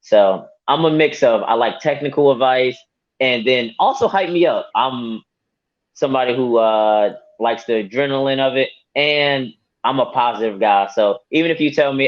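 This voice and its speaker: A man, a fighter, talking casually in an interview, animated and laughing often. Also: mid-range voice, moderate pace. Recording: dull lo-fi audio.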